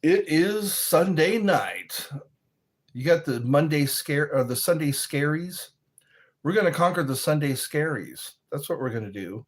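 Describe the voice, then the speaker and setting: A man hosting a casual livestream, reading viewer comments aloud and joking between them in a slow, drawn-out way. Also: on the high side, expressive. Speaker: livestream host.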